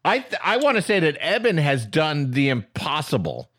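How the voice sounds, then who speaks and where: A man's voice: fairly high pitch, wildly swooping pitch, moderate pace, a bit bright. A man co-hosting a comedy podcast, bantering in a joking, mock-indignant way and laughing often. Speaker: podcast co-host.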